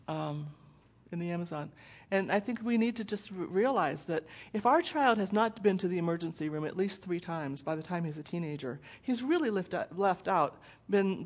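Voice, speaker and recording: A middle-aged woman giving a parenting presentation in a conversational way, intense without raising her voice. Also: on the low side. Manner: conversational, acts out quoted voices. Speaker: parenting speaker. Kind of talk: presentation talk with slides.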